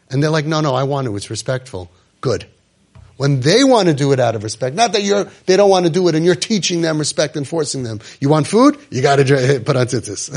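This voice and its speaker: Speaking with emotion to an audience of parents, a man acts out parent and child voices and at times lowers to soft, quiet tones. His delivery is expressive and fairly quick.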